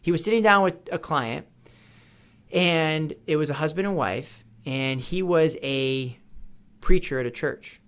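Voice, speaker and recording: A man's voice: fairly high pitch, unhurried, fairly bright tone, clean tone. Emphatic man explaining retirement planning. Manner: emphatic, repeats key questions, tells anecdotes. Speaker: retirement financial advisor. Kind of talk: educational talk to camera. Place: office or home studio. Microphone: camera mic with studio lights setup.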